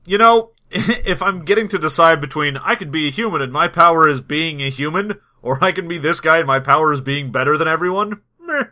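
A man co-hosting a casual chat about a tabletop game, quick with sarcastic quips. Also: on the high side, pushed and bright. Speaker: podcast co-host.

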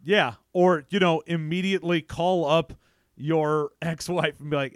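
A man co-hosting a casual movie recap chat, animated and acting out lines in funny voices. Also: a little high, unhurried, dry recording, studio quality. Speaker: podcast co-host.

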